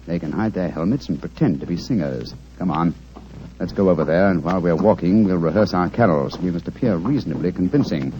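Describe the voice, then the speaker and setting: A confident detective in a 1940s radio drama. His voice sits low but moves with lively inflection, and he gives crisp commands laced with dry amusement. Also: fairly quick, highs cut off, a little hiss or hum. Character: brisk, confident male detective.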